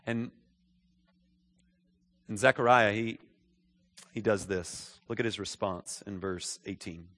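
A man's voice: lowish voice, slow, pauses often, fairly bright tone. A male pastor preaching a sermon in a church, talking conversationally and repeating phrases as he checks in with his listeners. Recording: echoey hall.

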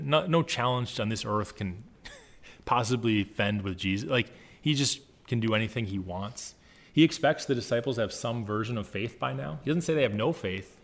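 A man's voice: mid-range voice, a bit bright. A man giving a casual, conversational Bible teaching to young adults, reading scripture aloud with emphasis between his own remarks.

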